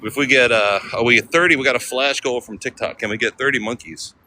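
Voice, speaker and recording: Walking through city streets on a live-stream vlog, this American man talks slangily and casually with his viewers. His medium-pitched voice is fast, pushed and bright, over slight background noise.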